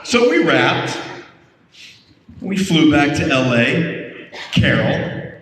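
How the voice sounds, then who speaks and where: A high-voiced man tells a rowdy, profane story to a convention crowd. He mimics the other people in it as he goes. He sounds distant, caught in a long-reverberating hall with steady background noise. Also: very slow. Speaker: convention panel guest. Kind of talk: storytelling to an audience. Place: convention panel room. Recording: far-off echoey hall with noise.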